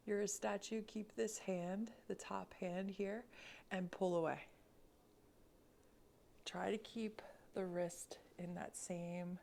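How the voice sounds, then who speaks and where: A woman leads a mobility class at an unhurried pace, her voice low and edged with vocal fry. She cues each movement calmly and counts down steadily, with a faint hiss of noise behind her. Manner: slow, calm cueing with counted breaths. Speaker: mobility instructor. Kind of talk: guided exercise class.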